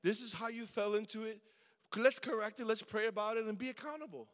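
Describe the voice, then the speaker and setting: A man's voice: high-pitched, fairly quick, a bit bright. A middle-aged man preaching a sermon to young people in a conversational way, calling on the crowd to answer. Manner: conversational, calls for responses from the crowd. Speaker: guest preacher at a youth service. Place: church hall. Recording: long hall reverb.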